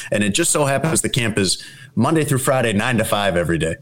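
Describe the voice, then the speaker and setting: A man's voice: on the low side, animated, quick pace, slight background noise. A man co-hosting a sports podcast, chatting casually and rambling through stories. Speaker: podcast co-host. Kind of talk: casual chat.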